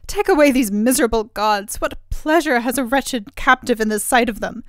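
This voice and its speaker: A woman's voice: mid-range voice, brisk, clean tone, no room sound, studio quality, lightly acted. A woman voicing a sorrowful imprisoned young princess, speaking plaintively in a storybook reading. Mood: despairing. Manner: plaintive, lamenting.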